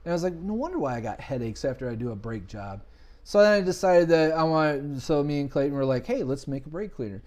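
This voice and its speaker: Talking fast in a fairly high-pitched voice, this male podcast guest, a business owner, tells stories in a relaxed chat. He brings them to life by impersonating the voices of the people he quotes.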